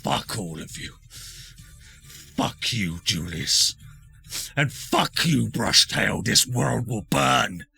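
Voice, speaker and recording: A man's voice: mid-range voice, big pitch swings, slow pace, vocal fry, long pauses, sharp tone, slightly rough, faint music behind, heavily acted. A man voicing a panicked, spiteful male archdevil in a tabletop game, snarling curses. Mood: furious.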